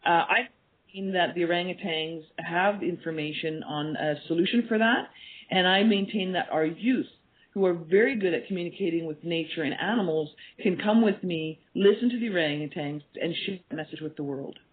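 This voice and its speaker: A woman's voice: on the low side, normal speed. A woman guest on a radio interview, telling stories earnestly and acting out quoted dialogue. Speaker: guest, animal communication teacher. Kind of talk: storytelling interview talk. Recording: tinny phone line.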